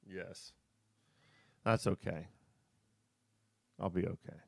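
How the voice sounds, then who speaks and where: A man's voice: low-pitched, steady tone, takes it slowly, gravelly, a little mellow, no echo. A middle-aged man hosting a casual family chat show, laid-back, joking and teasing. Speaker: host, father of his co-host.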